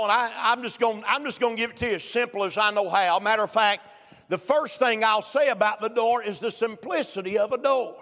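High, bright-voiced fervent preacher man. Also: in a large hall. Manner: fervent, frequent "uh" fillers, bursts of shouting. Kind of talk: sermon. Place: church sanctuary.

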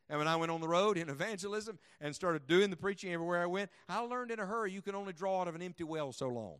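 A middle-aged man preaching a sermon as a traveling evangelist, emphatic, firing rhetorical questions and swinging between loud and hushed delivery. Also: on the high side, clear, resonant tone. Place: church meeting room with congregation.

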